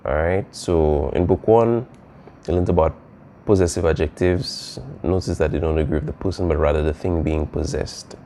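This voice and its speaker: A man's voice: rumbling low, moderate pace, mellow, a little hiss or hum. A man teaching a Spanish lesson, explaining casually with frequent fillers and "all right?" checks. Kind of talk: recorded classroom lesson.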